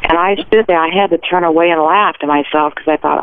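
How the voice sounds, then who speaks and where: A woman's voice: fairly low pitch, fairly even intonation, a little fast, smooth. An older woman calling in to a radio show, chattily telling a long rambling story about her family. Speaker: caller. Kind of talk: phone-in call. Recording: tinny phone line with faint hiss.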